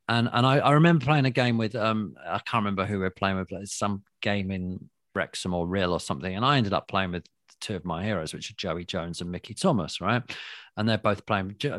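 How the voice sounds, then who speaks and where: A low-pitched man tells anecdotes in a lively, rambling way. His words tumble out with frequent laughs and restarts. The sound is close and dry. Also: no echo. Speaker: guest. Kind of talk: anecdotal storytelling.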